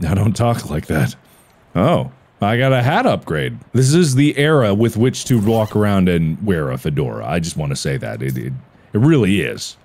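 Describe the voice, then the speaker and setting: A man's voice: on the low side, sing-song, normal speed, a little mellow. A man hosting a let's-play video, reading game text aloud with playful quips. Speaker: gaming video host. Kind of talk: casual let's-play commentary.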